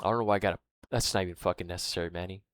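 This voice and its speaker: A man's voice: sits low, steady tone, very fast, fairly bright tone, no room sound. A man telling a story in a casual, rambling monologue, swearing often and losing his thread, with fillers like "right?" and "man". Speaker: vlogger.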